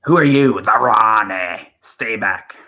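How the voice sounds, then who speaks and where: Eccentric male time traveler, theatrical, dramatic, bright voice, as a man puts him on. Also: lowish voice, slow, full character voice. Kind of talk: impression of an actor's performance.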